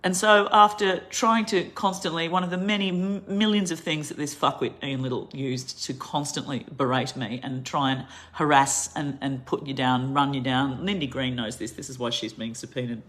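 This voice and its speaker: A woman's voice: a bass voice, fairly even intonation, moderate pace, hardly any pauses, fairly bright tone. A middle-aged Australian woman giving an angry, impassioned monologue straight to camera, ranting with heavy emphasis. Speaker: vlogger.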